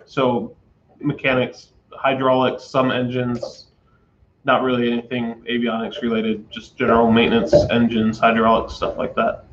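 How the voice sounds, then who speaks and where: A man's voice: medium pitch, monotone, normal speed, a little hiss or hum. A man co-hosting a casual livestream chat, easygoing and laid-back. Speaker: co-host. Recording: roomy, slightly dull audio.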